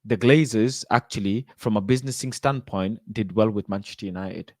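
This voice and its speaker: A man in casual football chat, ranting in a slow, indignant, emphatic way. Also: lowish voice, no room sound.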